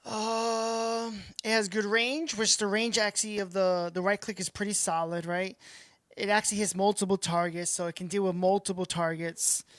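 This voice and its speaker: A woman's voice: mid-range voice, level tone, normal speed, no room sound, clean studio sound. Chatty woman streaming a game. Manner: chatty, reacts aloud to the match. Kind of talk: casual livestream commentary.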